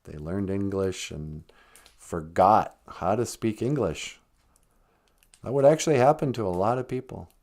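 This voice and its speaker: A man's voice: fairly low pitch, a little slow, darkish tone. An older man hosting a live stream, telling chatty stories and laughing often as he talks. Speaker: host. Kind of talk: casual storytelling on a live stream.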